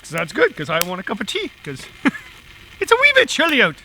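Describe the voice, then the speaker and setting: A man's voice: sits high, wildly swooping pitch, fairly quick, pushed and bright, slight background noise. A middle-aged man chatting casually outdoors in the woods as he makes tea over a small stove, chuckling often between rambling asides. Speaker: outdoor vlogger. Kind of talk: casual chat while camp cooking.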